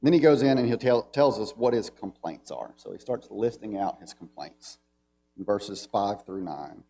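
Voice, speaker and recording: A man with a lowish, warm, expressive voice and some vocal fry teaches a Bible class at church at a moderate pace. He has a Southern American accent, talks conversationally, and gives scripture emphatic readings.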